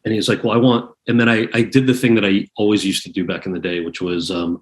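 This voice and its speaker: A man's voice: fairly low pitch, fast, hardly any pauses. A man in his forties, guest on an interview podcast, telling stories and acting out quotes in a raised voice. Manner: animated storyteller, acts out quotes in raised voice; many restarts and fillers. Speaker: guest actor and author. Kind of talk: casual interview chat.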